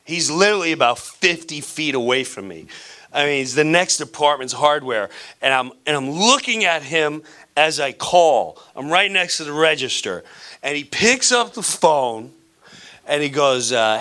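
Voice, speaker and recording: A man performing live stand-up on a theater stage, telling a story in an animated, playful way and acting out the people in it. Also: a little high, moderate pace. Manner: animated, playful, acts out characters. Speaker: stand-up comedian.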